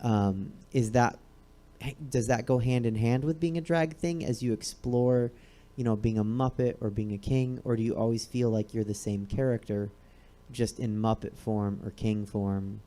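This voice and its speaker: A man's voice: medium pitch, fairly even intonation, moderate pace, mellow. A man hosting a talk show, asking questions in a hesitant, searching way. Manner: hesitant, inquisitive, restarts questions. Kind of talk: casual interview chat. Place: comedy theater stage.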